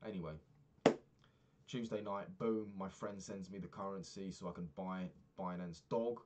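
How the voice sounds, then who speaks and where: A man's voice: low voice, steady tone, normal speed, heavy background noise. A man talking through his week in a casual diary vlog, rambling and swearing freely as he rants. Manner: rambling, profane ranting. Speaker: vlogger.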